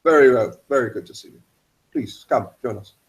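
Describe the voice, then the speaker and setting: A man's voice: mid-range voice, fairly quick, natural voice, rough recording. A man voicing a genteel male host who greets guests in a welcoming, old-fashioned and gracious manner.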